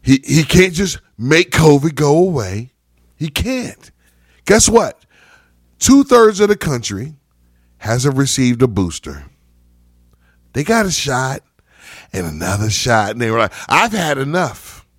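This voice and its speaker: A man's voice: mid-range voice, very animated, unhurried, pauses often, no room sound, clean studio sound. A man on a casual podcast panel, ranting heatedly and emphatically, with frequent cursing.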